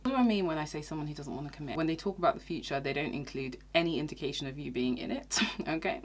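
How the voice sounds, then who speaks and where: A woman's voice: low voice, fast. A young woman giving frank, chatty dating advice in a casual vlog. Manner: chatty, frank, often asks "okay?". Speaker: YouTuber.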